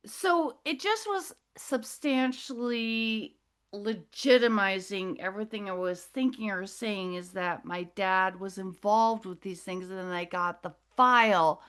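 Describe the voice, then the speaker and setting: A woman's voice: medium pitch, measured pace, fairly bright tone. A middle-aged woman telling a rambling personal story as a guest speaker, losing her thread and apologizing as she goes. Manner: scattered, loses her thread, apologetic asides.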